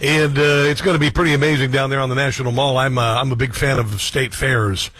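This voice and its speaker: A man's voice: mid-range voice, steady tone, fast talker, a bit bright, husky, dry recording. A man hosting a talk show, delivering a political commentary monologue with sarcastic, rambling asides.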